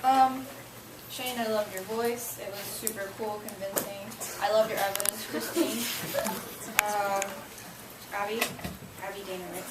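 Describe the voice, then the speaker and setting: A woman's voice: mid-range voice, fairly even intonation, measured pace. A female student giving bubbly, hesitant peer feedback in a classroom. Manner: bubbly, hesitant, many ums. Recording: echoey, distant, very noisy classroom recording.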